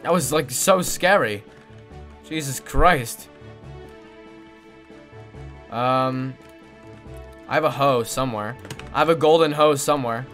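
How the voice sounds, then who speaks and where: A woman streaming a video game, chatting casually with her viewers and swinging between squealing joy and mumbled asides. She coos in a high baby voice at a pet. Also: slow pace, long pauses, a bit bright, faint music behind. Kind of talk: casual live-stream gaming commentary.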